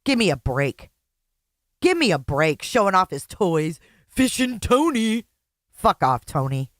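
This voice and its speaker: A woman's voice: low-pitched, sing-song, unhurried, no echo. Foul-mouthed woman host, dry sound. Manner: heavy swearing, angry, blunt. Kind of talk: reaction commentary.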